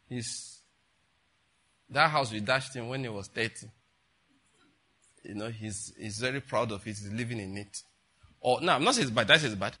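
An older man preaches. His voice is bright and forward but husky, and he keeps turning to the congregation with rhetorical questions. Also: mid-range voice. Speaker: pastor. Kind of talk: sermon.

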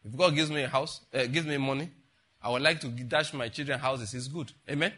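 Older pastor, bright husky voice. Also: male voice, mid-range voice, a little fast. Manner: conversational preaching with rhetorical questions and asides. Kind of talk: sermon.

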